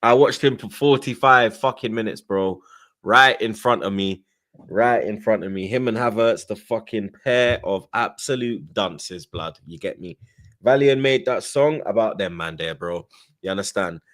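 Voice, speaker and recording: A man's voice: lowish voice, normal speed, a bit bright. A young man, hosting a football podcast and ranting angrily, swearing, with repeated slang tags. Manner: angry, sweary, repeats "blood" and "you get me". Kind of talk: ranting casual chat.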